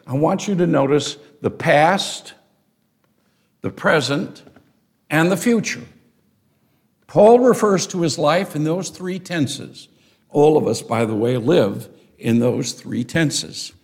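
An older man, a pastor, preaching an expository sermon in a deliberate, emphatic way with rising stresses. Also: on the high side, gravelly.

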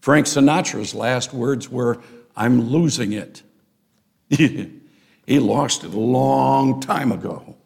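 Older male pastor, gravelly, unhurried, emphatic sermon delivery. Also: mid-range voice, a little mellow. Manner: deliberate, emphatic preaching with rising stresses. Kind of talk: expository sermon.

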